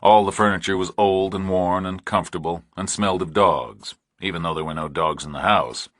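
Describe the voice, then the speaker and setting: Male narrator, very deep, husky, measured thriller read. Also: fairly bright tone, no echo, clean studio sound. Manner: measured, deliberate reading. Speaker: audiobook narrator. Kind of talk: scripted narration.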